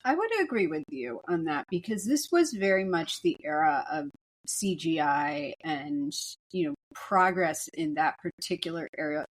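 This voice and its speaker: A woman with a low, expressive voice co-hosts a film podcast at a moderate pace. Her casual chat is jokey and rambling, with many restarts.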